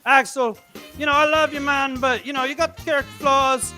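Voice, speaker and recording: A man's voice: extremely high pitch, steady tone, normal speed, bright, forceful tone, soft background music. A man co-hosting a gaming podcast, teasing his co-host in playful banter. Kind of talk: casual chat.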